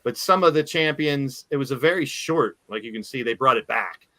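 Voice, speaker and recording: A man's voice: mid-range voice, animated, normal speed, sharp tone, no room sound. A man hosting a casual wrestling podcast, rambling through thoughts with restarts and easy laughs. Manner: rambling, self-interrupting, laughs easily. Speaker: podcast host.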